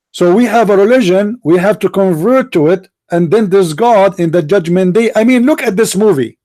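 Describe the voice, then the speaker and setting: A man's voice: high-pitched, normal speed, hardly any pauses, mellow, soft background music. A man on a live stream, talking sarcastically and taunting his opponents as he addresses them directly. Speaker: religious debate streamer. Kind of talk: mocking live-stream polemic.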